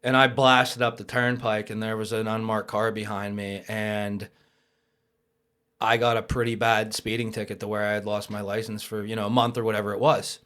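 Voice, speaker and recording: A young adult man telling a personal story as a podcast guest, lively and casual, with swearing. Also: fairly low pitch, moderate pace. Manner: animated, swears, acts out quoted voices.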